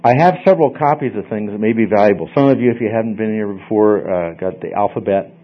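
Man teaching a small class, fairly low voice, rambling and restarting, dull lo-fi recording. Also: fast. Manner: rambling, repeats words and restarts, conversational. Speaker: Bible study teacher. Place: small class room, group in a circle.

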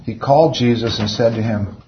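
A man's voice: medium pitch, moderate pace, dull audio, slight background noise. A man leading an informal Bible study, speaking conversationally and often putting rhetorical questions to his listeners.

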